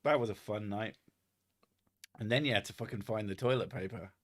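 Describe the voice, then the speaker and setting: A man's voice: on the low side, a little fast. A man chatting casually and swearing freely as a stream host. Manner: sweary, laid-back banter. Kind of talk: casual chat.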